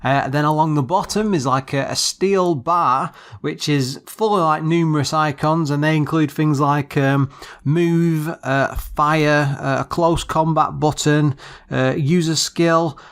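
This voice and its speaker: A man with a somewhat high voice talks through an old computer game in a relaxed podcast chat. He often stops partway through, restarts his sentences and searches for the right word. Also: clean tone. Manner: halting, searching for words with many restarts. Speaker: podcast co-host. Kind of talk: casual retro game review.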